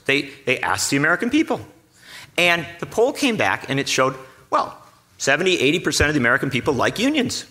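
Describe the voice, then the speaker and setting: A man's voice: a little high, wildly swooping pitch, fairly quick, sharp tone. A man speaking on a conference panel, telling a story with a sarcastic edge. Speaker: panelist reporter.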